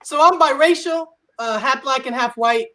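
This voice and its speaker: A woman in her forties performing a stand-up comedy set on a live stage, animated and acting out dialogue in playful voices. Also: sits high, moderate pace.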